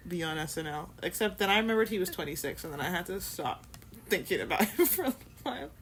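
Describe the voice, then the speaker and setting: A woman co-hosting a podcast in casual chat, telling stories in an animated, giggly way. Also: lowish voice, quick pace, slight background noise. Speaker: podcast co-host.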